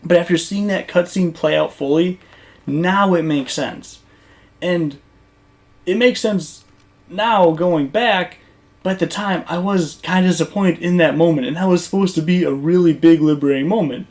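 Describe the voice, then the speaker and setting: Guy rambling on about a game over gameplay, kinda high voice, lots of likes and you knows. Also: normal speed, darkish tone. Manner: rambling, conversational, many fillers and restarts. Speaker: gaming YouTuber. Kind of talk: casual commentary over gameplay footage.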